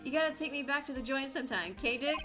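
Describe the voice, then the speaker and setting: A woman's voice: high-pitched, expressive, fast, voice pushed up. A woman voicing a jovial, pompous male police chief who speaks in a hearty, patronizing way. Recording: loud game music behind.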